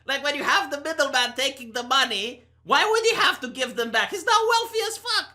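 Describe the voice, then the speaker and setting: A woman's voice: high voice, animated, fairly quick, pushed and bright. A woman in her thirties with a Romanian accent, ranting sarcastically and profanely in an opinion vlog. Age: 30s. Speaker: commentary vlogger. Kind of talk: opinion rant to camera.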